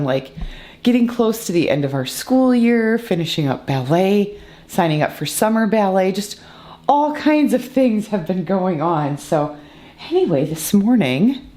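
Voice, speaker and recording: A woman's voice: sits low, dark tone. A woman in her forties from the United States, chatting casually to the camera in her kitchen as a family vlogger, rambling with lots of fillers and self-corrections. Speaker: family vlogger and homeschooling mother.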